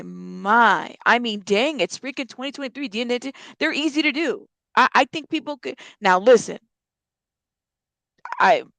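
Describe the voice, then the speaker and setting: A woman commenting on a live stream in a loose, chatty way, stopping to answer her viewers' comments. Her voice sits a little high and sounds close and dry, with no room around it. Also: gravelly, fairly bright tone, dry recording. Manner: chatty, reacts to chat comments, thinks aloud.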